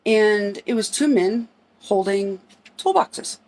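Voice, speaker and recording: A middle-aged woman tells a personal family story in a relaxed, conversational way. Her voice sits at an ordinary middle pitch, and she acts out what each person said as she recounts it. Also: a little slow. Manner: conversational, acts out quoted dialogue in her telling.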